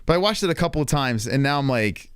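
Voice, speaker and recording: A man's voice: mid-range voice, fast, clear, resonant tone, no room sound, studio quality. A man hosting a casual reaction stream, laughing a lot and swearing as he comments on a clip. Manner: laughing, crude, animated commentary. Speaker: streamer host.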